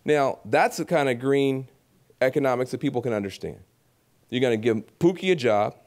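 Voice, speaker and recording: A man giving a lively public speech at a gala, animated and preacherly, acting out voices and repeating phrases for emphasis. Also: mid-range voice, normal speed. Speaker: keynote speaker at an awards gala.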